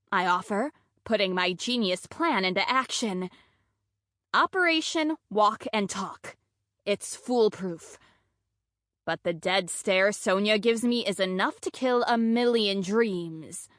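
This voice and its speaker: A woman narrating a first-person romantic comedy audiobook in a lively, comic, self-deprecating way. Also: medium pitch, moderate pace, no room sound, studio quality.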